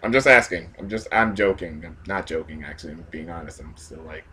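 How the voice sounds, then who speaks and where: A man's voice: deep voice, fairly even intonation, brisk, pushed and bright, breathy edge. A man rambling through a self-deprecating comic vlog monologue full of jokey asides. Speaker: vlogger.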